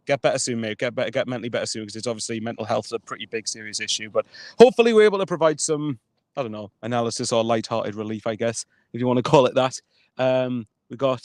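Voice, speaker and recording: A man's voice: medium pitch, no room sound, clean studio sound. A man co-hosting a live football fan show, teasing and joking as he reads out viewer comments. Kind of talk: live fan podcast chat.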